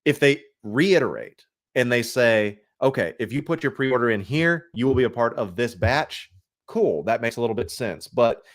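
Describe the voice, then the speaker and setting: A man's voice: mid-range voice, lively intonation, normal speed. A man speaking as a guest in a casual podcast chat. He rants with lots of energy and mimics other people in quotes. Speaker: guest collector.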